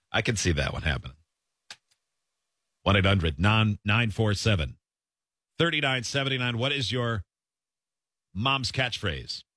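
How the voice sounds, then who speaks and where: A man hosts a relaxed radio chat, reading listener messages in a bright, forward voice. His delivery is easygoing and breaks into chuckles, recorded dry and close on a studio mic. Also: on the low side, slow, long pauses, no echo. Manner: easygoing, chuckling between bits. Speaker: radio show host.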